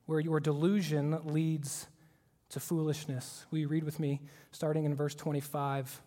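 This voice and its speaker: A man preaching a sermon, earnest and emphatic, at times dropping to a hushed tone. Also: on the high side, little pitch movement, measured pace, big-room sound. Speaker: pastor.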